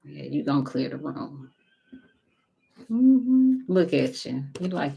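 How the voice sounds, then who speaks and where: Low-voiced woman giving a chatty tarot reading. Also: sing-song, slow pace, gravelly, pauses often, dark tone, slight background noise. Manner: intimate and chatty, calls listeners baby and honey. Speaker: tarot card reader. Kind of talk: casual spiritual tarot reading to viewers.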